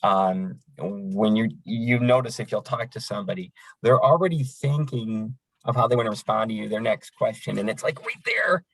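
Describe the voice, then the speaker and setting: A man's voice: medium pitch, dry recording, poor audio. A man running a crisis line training session in a conversational, folksy way, with frequent fillers. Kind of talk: training lecture.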